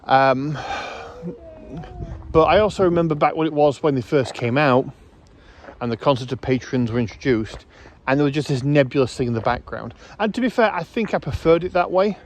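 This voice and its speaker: A man hosting his own video channel, giving rambling, casual commentary outdoors, correcting himself often and filling pauses with ums. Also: on the high side, slight background noise. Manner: rambling, self-correcting, hesitant fillers. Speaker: YouTube host.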